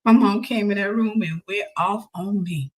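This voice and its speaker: A woman host recounting a personal story with lots of animation and laughter. Her voice sits in a middle range, and she slips into quick impressions of the people she describes. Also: medium pitch, darkish tone.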